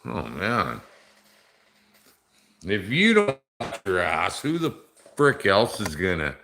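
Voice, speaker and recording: A man's voice: deep voice, wildly swooping pitch, slow, background noise. A middle-aged man, a bit drunk, rambling and joking off-color with viewers on a casual livestream. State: tipsy from drinking. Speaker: livestream host.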